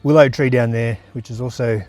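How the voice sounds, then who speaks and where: A man's voice: medium pitch, fairly even intonation, fairly quick, a little mellow, no echo, faint music behind. An Australian man vlogging casually on a riverside trail, chatting in an easygoing, rambling way with lots of fillers while he walks. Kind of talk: casual outdoor vlog chat.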